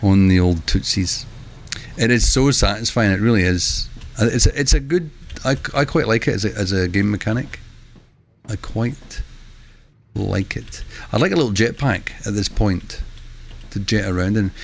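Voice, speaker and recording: A man giving chatty live commentary while streaming a video game, breaking into excitable exclamations. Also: on the low side, moderate pace, creaky, a little hiss or hum.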